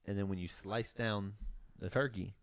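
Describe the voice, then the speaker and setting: This is a young male podcast co-host with a lowish, fairly even voice, talking at a moderate pace with no room sound. He chats casually in a relaxed, meandering way, laughing a lot and starting phrases over.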